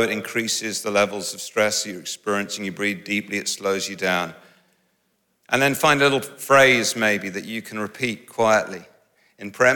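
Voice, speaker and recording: Bright-voiced preacher in a hall. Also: male voice, lowish voice. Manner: lively, conversational preaching with humorous asides. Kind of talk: sermon. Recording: long reverb of a large hall.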